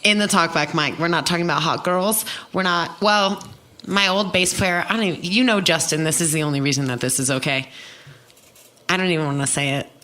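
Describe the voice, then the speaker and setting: A woman hosting a podcast in a casual chat. She is a touring musician, chatty and animated, and laughs often. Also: fairly low pitch, brisk.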